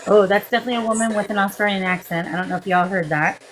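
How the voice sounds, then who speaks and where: A woman's voice: mid-range voice, racing, slight background noise, poor audio. A woman hosting a live-stream psychic session as a medium, calling spirits with endearments and speaking into a phone. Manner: coaxing, affectionate, talks to spirits with endearments.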